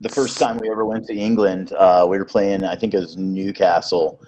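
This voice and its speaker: A man telling a relaxed story about touring during a casual podcast chat. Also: low-pitched, normal speed, noisy background. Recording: slightly muffled lo-fi audio.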